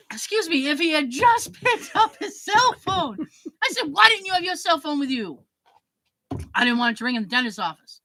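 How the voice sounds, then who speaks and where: A woman podcast host telling a story in casual chat, acting out the quoted dialogue with lively emphasis. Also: high voice, normal speed, a little hiss or hum, rough recording. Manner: animated, acts out quoted dialogue.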